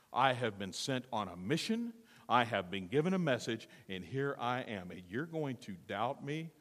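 A preacher playing a stern, indignant angel. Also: male voice, medium pitch, a bit bright, in a large hall, voice pushed down, exaggerated voice. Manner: slow, emphatic, indignant. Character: stern male angel scolding a doubter.

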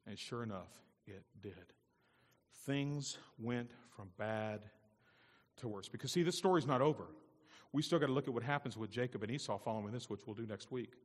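A man's voice: medium pitch, lively intonation, moderate pace, in a large hall. A man pastor delivering an emphatic sermon with call-and-response asides. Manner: emphatic, call-and-response, rising to loud peaks.

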